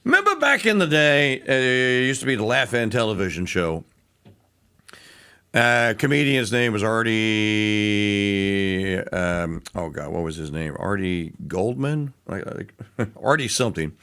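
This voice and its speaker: A man's voice: fairly low pitch, lively intonation, unhurried, sharp tone, clear, resonant tone. A man hosting a talk radio show, delivering a sarcastic, rambling monologue full of restarts and fillers.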